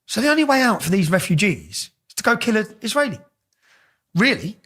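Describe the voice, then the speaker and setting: A middle-aged English man telling stories casually as an interview guest, animated and swearing freely. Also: sits high, a little fast, breathy edge. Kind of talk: casual storytelling.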